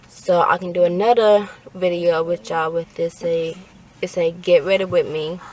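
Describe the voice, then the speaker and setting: A woman's voice: medium pitch, recorded from a distance, slight background noise. A young woman vlogging casually to the camera, rambling with lots of fillers and sounding stressed and tired. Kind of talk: casual vlog talk to camera.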